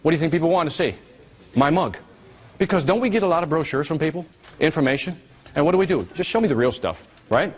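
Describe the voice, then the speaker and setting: A man giving a live marketing seminar, animated and teasing, drawing call-and-response from his audience. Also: fairly high pitch, quick pace, husky.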